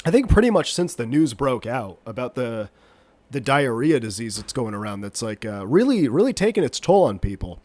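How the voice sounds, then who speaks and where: Still nasal and stuffed up from a cold, this man hosts a solo podcast, rambling along and cracking jokes at his own expense. His mid-range voice swings widely in pitch at a moderate pace with a darkish tone. The recording has no room sound.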